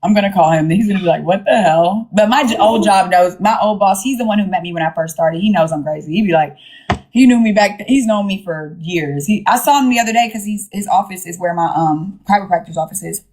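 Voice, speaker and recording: A woman's voice: medium pitch, fast talker, darkish tone. Blunt, profane woman livestreaming. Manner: blunt, profane, repeats herself. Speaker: livestream host. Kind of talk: casual livestream chat.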